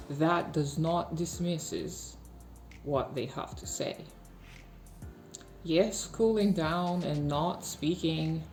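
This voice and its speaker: A woman speaking slowly, softly and in a measured way, reflecting calmly in a personal video monologue. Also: deep voice, echoey room. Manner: slow, soft, faint and measured. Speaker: video essayist.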